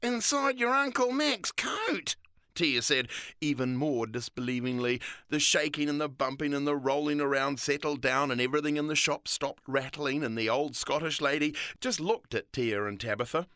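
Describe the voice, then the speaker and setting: A storyteller narrating a children's story in a playful, animated way. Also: medium pitch, moderate pace, no room sound.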